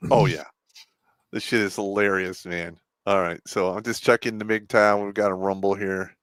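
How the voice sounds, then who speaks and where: A man hosting a live stream, telling army stories in a casual, profane way, laughing often and loudly acting out quotes. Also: lowish voice, fairly even intonation, a little slow, no echo. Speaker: show host and veteran.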